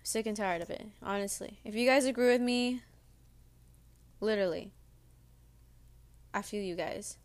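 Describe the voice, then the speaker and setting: A young woman chats to her viewers in a loose, rambling way, pausing to munch her cereal as she talks. Her voice is smooth and clear, sitting at an ordinary pitch for a woman. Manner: rambling, chatty, talks while eating. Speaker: vlogger. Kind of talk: casual chat to viewers. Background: audible munching on cereal.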